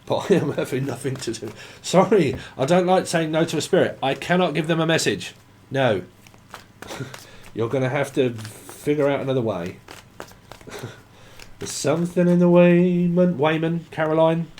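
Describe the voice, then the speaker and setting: Giving a tarot reading, this man free-associates names and words, curses, and occasionally sings bits of songs. His voice is fairly high-pitched, unhurried and a little mellow, with slight background noise.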